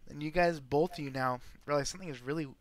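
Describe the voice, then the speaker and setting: A man narrating a tabletop role-playing game as game master, describing scenes in a lively way. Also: a little high, fast talker, dry recording.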